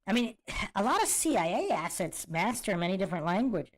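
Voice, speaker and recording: A woman's voice: medium pitch, very animated, brisk, very noisy. A woman hosting a podcast, reacting to clips with amused disbelief and reading out viewer comments. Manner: amused, incredulous, laughs often. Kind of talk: casual commentary with chat readouts.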